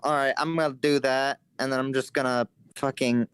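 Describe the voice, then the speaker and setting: Guy player on a voice call, wry deadpan jokes, dry close mic. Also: medium pitch, moderate pace, smooth, no room sound. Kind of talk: casual game chat.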